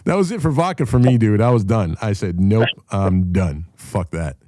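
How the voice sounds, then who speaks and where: A man's voice: mid-range voice, sing-song, a little fast, mellow, no echo, studio quality. A man hosting a casual call-in chat, telling stories in a blunt, profane way. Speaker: show host.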